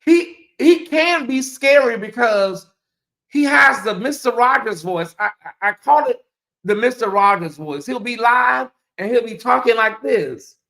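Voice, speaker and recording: A livestream host giving live gossip commentary in a blunt, profane, animated way, with big swings in pitch. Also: unhurried, creaky.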